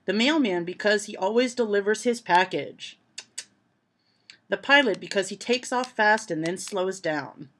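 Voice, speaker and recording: In her casual joke-reading vlog, a woman at home reads lists of jokes to the camera, laughing loudly at each punchline. She speaks in a mid-range voice, unhurried.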